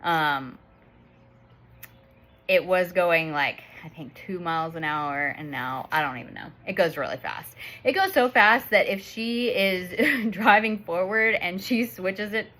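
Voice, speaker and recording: A woman's voice: lowish voice, unhurried, sharp tone. A woman in her thirties telling a family story in a chatty vlog, laughing often as she talks. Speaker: vlogger and mother.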